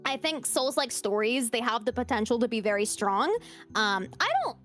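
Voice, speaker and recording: A woman's voice: fairly high pitch, fairly bright tone, soft background music. A woman chatting casually about games, enthusiastic and playful. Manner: enthusiastic, playful, quick to laugh. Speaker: streamer, co-host or guest. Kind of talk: casual gaming chat.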